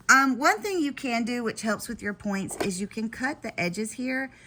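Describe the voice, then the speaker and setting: A woman's voice: on the high side, animated, measured pace, noisy background. A woman hosting a live sewing tutorial, talking chattily with frequent giggles and self-deprecating asides. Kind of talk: casual live sewing demonstration.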